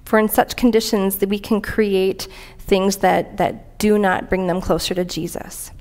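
An earnest woman delivers a conversational sermon in a church, her voice sitting at an ordinary middle pitch. She talks plainly to her congregation and stops now and then to read aloud from scripture and a commentary. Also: steady tone, a little slow, darkish tone. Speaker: preacher.

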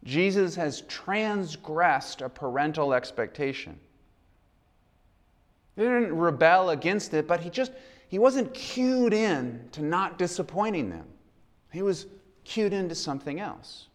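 A man's voice: fairly high pitch, expressive, unhurried. A man preaching a sermon in a conversational, earnest way. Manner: conversational, earnest, acts out quoted dialogue. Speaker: pastor.

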